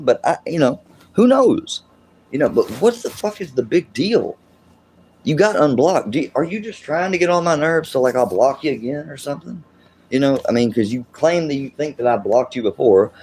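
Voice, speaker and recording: A man's voice: medium pitch, darkish tone, slight background noise. A man hosting a livestream, ranting in a casual, profane, exasperated way and rambling as he talks to his chat. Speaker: livestream host.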